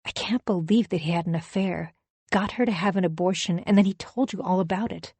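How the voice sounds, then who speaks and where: Confiding girlfriend type, soft and hushed, lower-pitched and dry, read by a woman narrator. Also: fairly quick, slightly rough, dry recording. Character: gushing, conspiratorial female best friend. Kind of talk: audiobook character voice.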